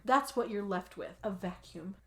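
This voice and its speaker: A woman's voice: mid-range voice, moderate pace, bright, forceful tone. A bitter, drunk middle-aged mother lectures with a sneer, as a woman quotes her. The voice stays close to the speaker's own everyday talk.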